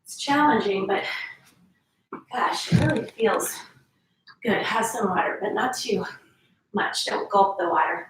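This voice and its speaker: A woman's voice: mid-range voice, animated, unhurried, pauses often, heavy reverb, far from the mic, a little hiss or hum, poor audio. A woman fitness instructor talking viewers through a workout, counting reps and urging them to squeeze harder.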